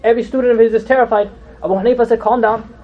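Fast, high-voiced man telling sermon stories. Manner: animated, acts out quotes, frequent "you know" and "right?". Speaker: religious lecturer. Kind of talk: storytelling sermon. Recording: dull lo-fi recording.

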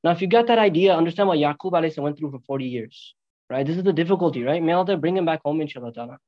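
Man, Islamic preacher, storytelling sermon, rhetorical questions, rapid delivery. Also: fairly high pitch, muffled recording. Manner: animated, rhetorical questions, Arabic religious phrases.

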